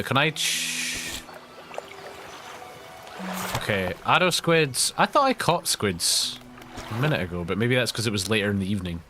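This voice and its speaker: A Scottish man streaming a game live, telling rambling, chatty stories with frequent laughs. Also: lowish voice. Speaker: gaming streamer. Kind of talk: live let's-play commentary.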